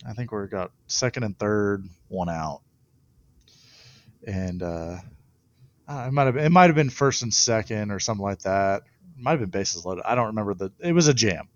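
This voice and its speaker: A young man, a baseball pitcher, telling stories in a casual interview and laughing often. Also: lively intonation, moderate pace, dry recording, dull audio.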